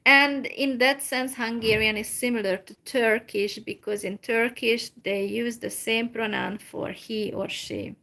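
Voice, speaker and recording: Slow, careful woman teaching phrases. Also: fairly high pitch, steady tone, creaky, sharp tone. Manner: slow and careful, repeats phrases, many fillers. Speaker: language teacher. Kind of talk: slow informal language lesson.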